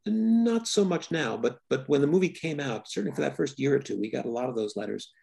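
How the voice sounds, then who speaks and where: An older man, a filmmaker, giving thoughtful, halting interview answers full of restarts. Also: mid-range voice, animated, vocal fry, warm tone, breathy edge. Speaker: filmmaker guest.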